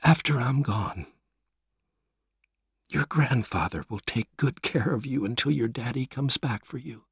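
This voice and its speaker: A man reading a story aloud, voicing a gentle, dreamy young mother who speaks quietly from a hospital bed. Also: big pitch swings, measured pace, pauses often, husky, dry recording, clean studio sound, exaggerated voice. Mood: tender. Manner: soft, quiet, raised pitch.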